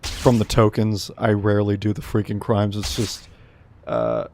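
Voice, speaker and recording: A man's voice: fairly low pitch, level tone, a little slow, a little mellow, a little hiss or hum. A man casually commentating while streaming a video game, joking, sarcastic and rambling.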